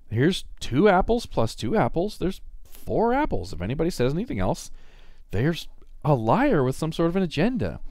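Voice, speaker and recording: A man's voice: a little high, no room sound. Opinionated guy doing his solo podcast, emphatic and blunt, dry close mic. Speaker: podcast host. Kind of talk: casual solo podcast commentary.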